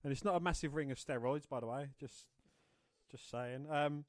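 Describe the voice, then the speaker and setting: A man's voice: mid-range voice, moderate pace, no room sound. A man co-hosting a casual podcast, eagerly giving opinions and reading news. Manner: eager, opinionated, says mate. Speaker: podcast co-host.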